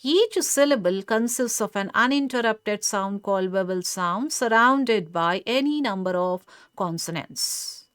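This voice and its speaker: A woman lecturer giving a measured, explanatory lesson on English pronunciation. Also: mid-range voice, lively intonation, a bit bright, smooth, dry recording, clean studio sound. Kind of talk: scripted lecture.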